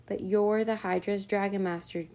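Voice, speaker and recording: A woman's voice: mid-range voice, fairly even intonation, normal speed, warm tone, natural voice. A woman voicing an earnest young boy dragon rider in a children's storybook reading. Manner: earnest, urgent.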